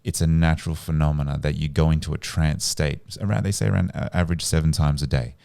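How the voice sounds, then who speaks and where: A male psychotherapist guest on a podcast, explaining his method in a calm, measured, soothing way. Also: very deep voice, creaky, clear, resonant tone, dry recording. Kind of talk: casual podcast interview.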